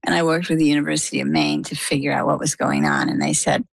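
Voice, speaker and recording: Gravelly-voiced woman telling her story. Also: sits low, fast, no room sound, poor audio. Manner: animated storytelling with quoted dialogue. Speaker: guest sharing a personal health story. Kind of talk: conversational interview answers.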